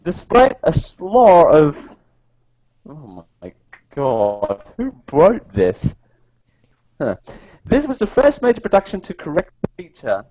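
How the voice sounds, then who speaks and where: A man co-hosting a casual podcast, reading trivia in a lively, swooping voice that breaks into laughter. The sound is dry and slightly dull, close to a home mic. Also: on the high side, slow pace, no room sound. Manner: jokey, laughs often, animated reading. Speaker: podcast co-host.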